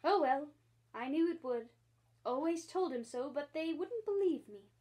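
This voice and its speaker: A woman's voice: high voice, lively intonation, measured pace, dark tone, pitched above the performer's own voice. A woman voicing a cheeky, chatty old male starling with a perky, wheedling manner in a storybook reading.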